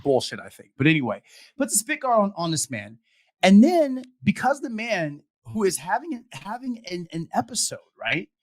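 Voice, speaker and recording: A man hosts a talk show over a video call, his voice sitting a little high and swinging widely as he gets worked up. He stops and restarts his sentences often, pressing his points with feeling. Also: huge pitch swings. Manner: impassioned, halting with repeated restarts. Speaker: podcast host. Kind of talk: emotional casual discussion.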